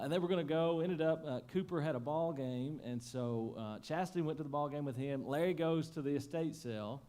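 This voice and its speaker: Man, pastor, folksy, emotional sermon storytelling, loud then hushed. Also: mid-range voice. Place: church sanctuary.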